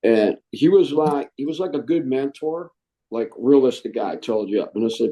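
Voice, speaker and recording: Speaking at a normal speed in a mid-range voice, a middle-aged Marine veteran recounts his past for an interviewer. He gets animated, imitating the voices of those he quotes.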